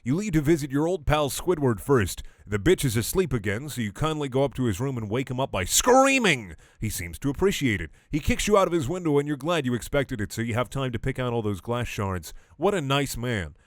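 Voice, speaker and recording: A man's voice: medium pitch, sing-song, brisk, few pauses, no echo, studio quality. A young man doing a comedic dramatic reading of fan fiction, breaking off into exasperated, sarcastic, sweary rants. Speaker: online comedy reader.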